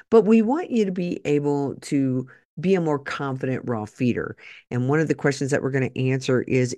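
A woman's voice: a bass voice, darkish tone, no echo, studio quality. A woman hosting a podcast in a casual, chatty monologue with jokey asides. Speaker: podcast host.

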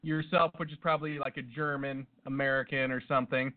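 A man co-hosting a comedy podcast, riffing in casual banter with a deadpan, absurd manner. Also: mid-range voice, brisk. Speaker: podcast co-host. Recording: tinny phone-like sound.

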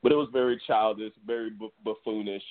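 A man co-hosting a boxing podcast, telling stories in a slangy, animated casual chat. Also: lowish voice, quick pace. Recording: husky voice on a tinny phone-like line.

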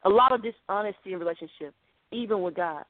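A woman's voice: mid-range voice, quick pace, dry recording. A woman preacher delivering an earnest, conversational podcast sermon. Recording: dry, phone-like narrow sound.

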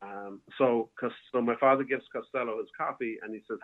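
A man's voice: mid-range voice, steady tone, a little fast, few pauses. A man, a bar owner, telling a long rambling story as a guest, with many restarts and fillers. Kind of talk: casual storytelling. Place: home, calling in by phone. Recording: tinny phone line.

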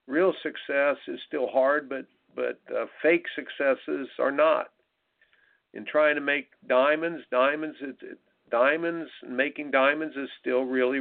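A man's voice: mid-range voice, gravelly. A middle-aged American man, a tennis coach hosting a radio show, talking in a folksy, emphatic way and repeating his points. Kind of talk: radio talk monologue. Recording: tinny phone-line radio broadcast.

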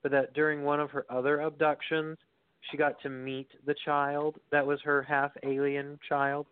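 A man's voice: fairly high pitch, completely flat delivery, moderate pace, clean tone. A man co-hosting a podcast in casual chat, telling loose stories and laughing often. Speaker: podcast co-host. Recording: dry, tinny phone-like audio.

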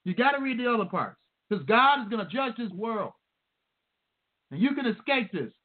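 High-pitched guy preaching hard, reading bible verses slow, tinny phone sound. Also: very animated. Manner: emphatic, reads scripture slowly and repeats verse numbers. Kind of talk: sermon.

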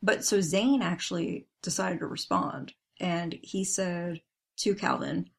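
A woman's voice: on the low side, slow, vocal fry, slightly rough. A woman co-hosting a casual fan podcast, reading tweets aloud and then commenting on them with a laugh. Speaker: podcast co-host.

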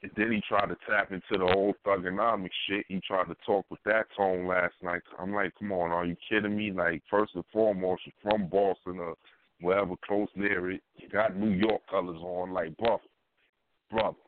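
This podcast co-host has a deep voice and flat delivery, speaking at a moderate pace over a phone-like line with a little noise. Chatting casually, he leans on emphatic slang and says things twice for effect.

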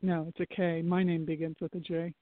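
A man calling in to a healing show, speaking softly and hesitantly as he searches for words. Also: fairly high pitch, level tone, fairly quick, no echo. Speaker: caller. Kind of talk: call-in conversation. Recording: dry, tinny phone line.

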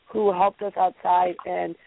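A woman's voice: lowish voice, level tone, measured pace, vocal fry, no echo. Chatty woman on a tinny phone line. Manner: rambling storyteller, many fillers. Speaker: show host. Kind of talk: casual call-in chat. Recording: tinny phone-line audio with faint noise.

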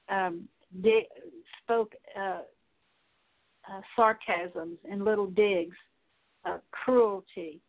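A woman Bible teacher leading a slow, halting spoken prayer with many pauses and fillers. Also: medium pitch. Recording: tinny phone-like audio.

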